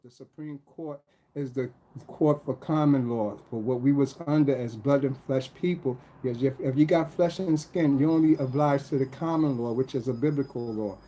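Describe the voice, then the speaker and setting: A man with a mellow, darker voice explains at length in casual speech, full of restarts. He keeps checking in with rhetorical questions. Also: mid-range voice, a little hiss or hum.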